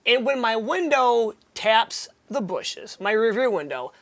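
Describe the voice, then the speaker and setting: A woman's voice: on the high side, big pitch swings, unhurried, vocal fry, fairly bright tone. A woman hosting a casual podcast chat who tells a story with animation and acts out the voices of the people in it. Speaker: podcast host.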